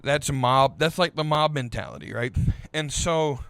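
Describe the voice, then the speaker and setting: A man hosting a podcast, venting in a frustrated, halting political rant full of restarts. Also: mid-range voice, creaky, a bit bright, clear, resonant tone, no room sound, studio quality. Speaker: podcast host.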